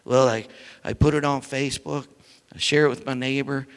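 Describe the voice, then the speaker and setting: A man preaching a sermon as pastor, animated and building to shouts as he reads scripture. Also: mid-range voice, normal speed. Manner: dynamic preaching, rising to shouts when reading scripture. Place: church sanctuary. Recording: church hall reverb.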